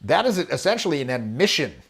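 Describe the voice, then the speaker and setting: Animated man coaching on charisma. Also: fairly high pitch, brisk, creaky. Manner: lively, demonstrative, acts out examples, swears casually. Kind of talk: animated coaching talk to camera. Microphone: webcam or camera, video talk.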